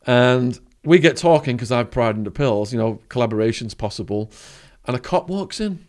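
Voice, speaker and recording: A man from England, a podcast guest, tells a vivid story in a storytelling interview, acting out the voices of the people involved. His medium-pitched voice is expressive and his speed normal.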